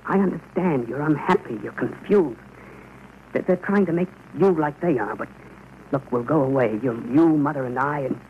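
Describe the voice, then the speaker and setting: A man's voice: fairly high pitch, normal speed, slight background noise, close to an everyday voice. A man playing an anguished father in a 1940s radio drama, talking in an earnest, strained and pleading way. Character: anguished middle-aged father under occupation. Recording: muffled old radio broadcast.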